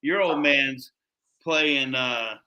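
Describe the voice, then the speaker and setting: A man's voice: mid-range voice, extremely slow, background noise. A man hosting a podcast, chatting easygoing and asking friendly questions. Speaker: podcast host. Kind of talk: casual interview chat. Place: podcast studio.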